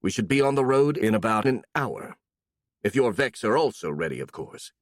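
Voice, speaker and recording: A man's voice: on the low side, sing-song, normal speed, no room sound, studio quality. A man voicing a polite, businesslike nobleman speaking diplomatically in an audiobook.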